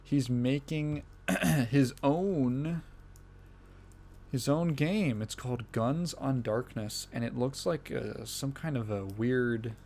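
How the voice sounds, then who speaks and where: Speaking slowly with vocal fry, this podcast host has a mid-range, darkish voice. He rambles through his solo gaming show, cursing a lot and frequently laughing in the middle of sentences.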